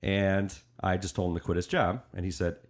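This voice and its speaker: A man with a very low voice co-hosting a casual podcast. He rambles through jokes with his friends, and his sentences often sink to a mumble at the end. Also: steady tone, a little fast. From Illinois. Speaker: podcast co-host. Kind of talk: casual chat.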